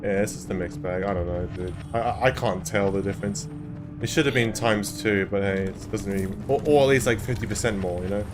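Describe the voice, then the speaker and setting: A man's voice: fairly low pitch, a little fast, over music. A man with an Australian accent streaming a game, talking casually with stammers and frequent laughter. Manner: rambling, stammering, laughs often. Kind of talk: casual gaming chat.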